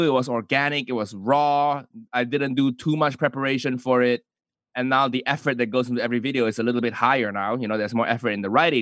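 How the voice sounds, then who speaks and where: A man from Malaysia talks through his answers in a relaxed interview, full of small restarts and fillers. His voice sits at an ordinary middle pitch, recorded dry and close with no room sound. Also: no echo. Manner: hesitant, many restarts and fillers. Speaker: comedian and YouTuber guest.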